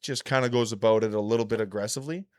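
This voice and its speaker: A man's voice: fairly low pitch, racing, darkish tone, no echo, clean studio sound. A man co-hosting a casual podcast chat, swearing freely and animatedly retelling scenes. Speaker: podcast co-host.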